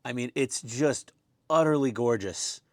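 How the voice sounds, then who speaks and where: A man's voice: medium pitch, measured pace, dry recording, studio quality. A man giving casual, rambling commentary as he builds a scale model, chatty and self-deprecating.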